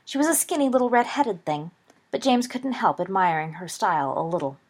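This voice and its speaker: A woman reading a story aloud in a steady, expressive narration. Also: mid-range voice, fairly quick. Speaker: audiobook reader.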